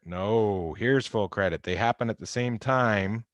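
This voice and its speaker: Fairly low in pitch and moderately paced, a male chemistry instructor reviews exam answers with his students in a casual, wry recorded lecture. The sound is echo-free, captured by a close computer mic on a video call.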